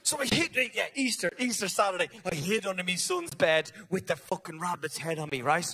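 A middle-aged Irish comedian performing live stand-up, with a high, bright voice and a rambling, profane delivery. He drops into characters in quick asides, and the live recording carries clear audience noise and room sound. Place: theatre stage before a live audience.

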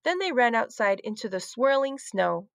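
A woman teacher reading a children's book aloud, with clear, expressive storytelling. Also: fairly high pitch, moderate pace, no room sound.

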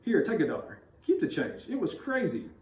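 A man's voice: on the high side, wildly swooping pitch, moderate pace, a little mellow, slight background noise. A man voicing a smug, dismissive boy. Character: boy of about ten, smug older brother. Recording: roomy sound, mic at a distance.

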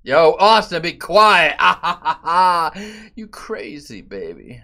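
A man streaming a game and chatting loosely with his viewers, profane and given to sudden loud outbursts. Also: on the high side, big pitch swings, slow pace, gravelly. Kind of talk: casual live-stream chat.

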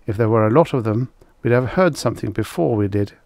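A man voicing a nervous young male hunter who keeps talking himself into calm. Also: on the low side, fast, gravelly, no echo.

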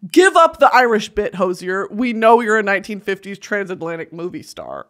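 A young woman hosting a podcast in casual chat, animated and gushing, laughing often and poking fun at herself. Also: mid-range voice, brisk, hardly any pauses. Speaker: podcast host.

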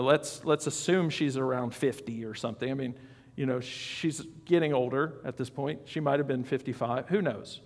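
A man's voice: medium pitch, in a large hall. A man preaching a sermon as pastor, in a conversational style with asides and questions to the congregation. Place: church sanctuary.

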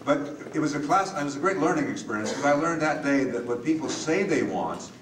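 An older man telling an animated story on a convention panel, recorded from far off in an echoey hall. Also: on the low side, slight background noise. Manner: animated anecdote teller with acted quotes. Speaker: panel guest, voice actor.

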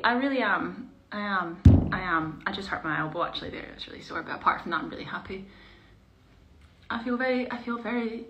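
A young woman chatting casually to her viewers on a live stream while doing her makeup, bubbly and chatty, sometimes dropping into quiet mutters. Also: medium pitch, a little fast. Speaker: performer hosting a live stream. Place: small indoor room. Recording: echoey room with faint hiss.

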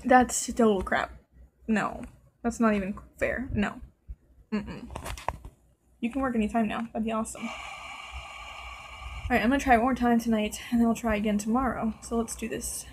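Woman let's-play host, nervous chatter at the game characters, higher-pitched voice, faint hiss on the track. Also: steady tone, normal speed, long pauses, low-quality recording. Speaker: gameplay video host. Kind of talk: casual let's-play commentary.

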